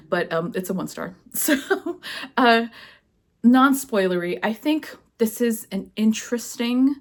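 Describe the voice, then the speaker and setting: Animated woman ranting about a book. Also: medium pitch. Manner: animated ranting with swearing and exasperated repetition. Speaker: book reviewer. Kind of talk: casual book review vlog.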